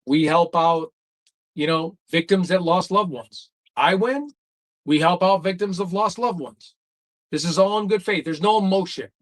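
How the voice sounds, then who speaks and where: A man's voice: high-pitched, fairly bright tone, no room sound. A man hosting a livestream, ranting in a heated, profane way and repeating his taunts. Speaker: livestream host. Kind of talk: livestream rant.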